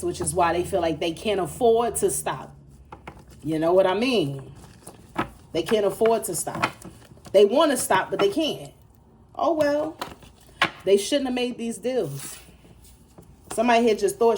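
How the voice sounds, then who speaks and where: Woman, tarot reader, mid pitch, casual, profane, emphatic and repetitive, chuckles often. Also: animated, measured pace, pauses often, darkish tone, slight background noise. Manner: laughs between lines. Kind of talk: casual tarot reading to camera.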